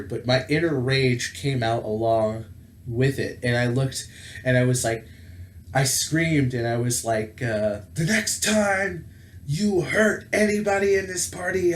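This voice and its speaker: A man hosting a tabletop gaming channel tells a personal story in a casual, rambling way, full of fillers and self-corrections. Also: mid-range voice. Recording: roomy echo with faint background noise.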